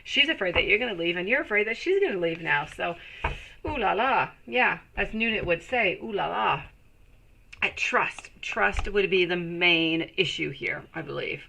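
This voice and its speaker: A woman's voice: lowish voice, animated, moderate pace, gravelly, few pauses, sharp tone, slight background noise, low-quality recording. A woman giving a live-streamed tarot reading, chatting with viewers and calling them sweetie as she reads the cards. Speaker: tarot reader.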